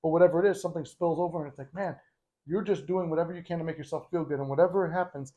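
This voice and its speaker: A man's voice: fairly high pitch, very fast, lo-fi sound. A man hosting a casual motivational talk, speaking conversationally and bluntly with the odd swear. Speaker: host.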